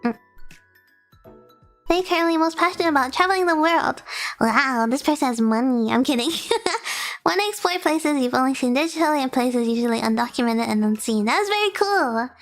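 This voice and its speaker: A woman's voice: high-pitched, animated, a little fast, soft background music. A young woman streaming as a VTuber, reading viewer submissions aloud in casual chat, bubbly and giggly, gushing with praise.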